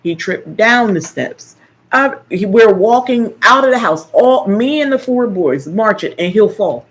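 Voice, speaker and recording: An older woman hosting a casual live stream, chatting and telling animated stories with playful teasing. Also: medium pitch, measured pace. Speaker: live stream host, caregiver. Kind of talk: casual chat.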